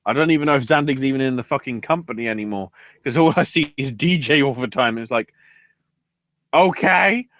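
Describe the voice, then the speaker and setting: A man's voice: medium pitch, quick pace, a bit bright, no echo. A man co-hosting a podcast in casual, profane chat, often acting out quoted lines. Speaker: podcast co-host.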